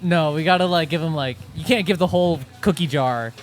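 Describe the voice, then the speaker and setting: A man's voice: a little high, a little fast, soft background music. Upbeat young man co-hosting a podcast. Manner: upbeat, laughs easily, restarts sentences. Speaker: podcast co-host. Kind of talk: casual chat.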